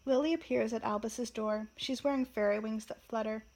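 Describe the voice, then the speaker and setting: A woman casually reading stage directions aloud from a play script, quiet and soft. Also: a little high, steady tone, moderate pace, rough recording. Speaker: reader and commentator.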